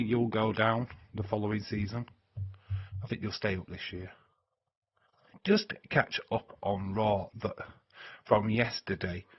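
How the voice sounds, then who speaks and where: A man with a low, husky voice chats bluntly with his viewers during a live watch-along stream. He swears freely and laughs at his own jokes. The sound is dull and lo-fi. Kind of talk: casual live-stream chat reading viewers' comments.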